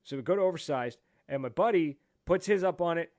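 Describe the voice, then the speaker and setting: A man from Canada hosting a podcast, telling a lively story in casual chat, acting out what people said and laughing often. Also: a little high, a little fast, hardly any pauses, dry recording, clean studio sound. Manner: animated storyteller, acts out quotes, laughs often. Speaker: podcast host.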